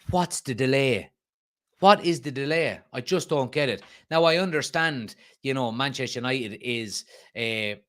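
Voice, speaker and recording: A man's voice: mid-range voice, fairly bright tone. An Irish man hosting a live fan stream, chatting casually, restarting sentences and bursting into emphatic complaints. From Ireland. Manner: conversational, frequent restarts and fillers, emphatic outbursts. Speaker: fan channel host. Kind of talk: live-stream fan chat reading comments.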